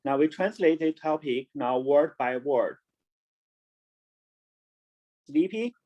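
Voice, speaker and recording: A man with a slightly high, mellow voice teaches kids online, going slowly, repeating words, and spelling them while alternating between Chinese and English. The recording is low quality.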